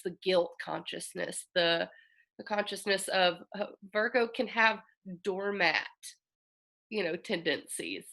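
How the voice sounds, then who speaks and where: A woman's voice: mid-range voice, pushed and bright. A woman astrologer hosting a casual, earnest talk, reflective and openly emotional as she speaks. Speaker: astrologer host.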